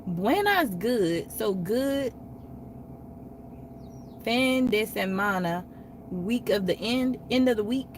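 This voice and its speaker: A young adult woman chatting casually with viewers on her livestream, telling stories in an animated way and acting out what people said. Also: a little high, slow pace, pauses often, slight background noise. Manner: chatty, animated storytelling with quoted voices. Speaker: livestream host.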